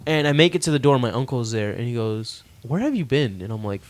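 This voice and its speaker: A man's voice: mid-range voice, fast, smooth. Young man, podcast co-host, casual storytelling, laughs and swears a lot.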